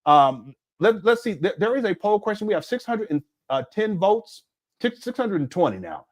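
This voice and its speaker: A man's voice: high-pitched, very animated, moderate pace. A middle-aged man hosting a casual livestream, talking emphatically to his chat and often laughing. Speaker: livestream commentary host.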